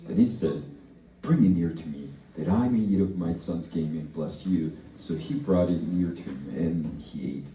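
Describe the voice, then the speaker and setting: A man leading a slow, deliberate responsive reading of scripture in a church service. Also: deep voice, warm tone, slight background noise. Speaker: pastor. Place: church hall. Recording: echoey church hall from far off.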